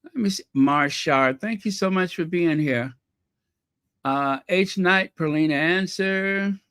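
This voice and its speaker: A man's voice: high-pitched, slow, a bit bright, clean tone, no echo, clean studio sound. A man hosting a casual livestream, greeting viewers by name from the chat with playful, mock-posh asides. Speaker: channel host greeting live chat.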